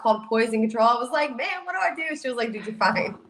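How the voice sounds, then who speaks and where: A woman with a slightly high voice hosts a casual talk. She reacts often with short remarks and asks follow-up questions. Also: lively intonation, fairly bright tone, slight background noise. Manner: responsive, quick back-channel remarks. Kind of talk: casual interview chat.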